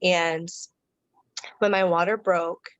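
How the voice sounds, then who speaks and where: A woman guest on a podcast, casually telling a personal story in a relaxed, chatty way with fillers and restarts. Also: lowish voice, takes it slowly, no echo, lo-fi sound.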